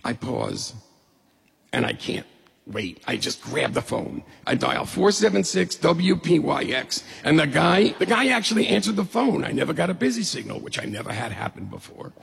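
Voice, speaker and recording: Husky, gravelly middle-aged male storyteller, comic timing, from upstate New York. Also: a little high, normal speed. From New York State. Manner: lively, humorous, acts out quoted voices. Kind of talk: personal story told to an audience. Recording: long hall reverb.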